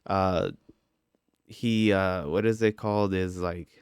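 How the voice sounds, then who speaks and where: Dude rambling thru a story for his vlog, smooth clear voice, dry close sound, says like and you know a lot. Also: sits low, slow pace, no echo. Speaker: vlogger telling a story. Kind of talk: casual storytelling.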